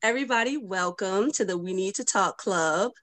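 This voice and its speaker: A relaxed woman hosts a casual club meeting over a video call. She is chatty and quick to laugh. Her voice sounds dry and close, with no room around it. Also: medium pitch, no room sound. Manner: laughing easily, laid-back and chatty. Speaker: host of a virtual discussion club.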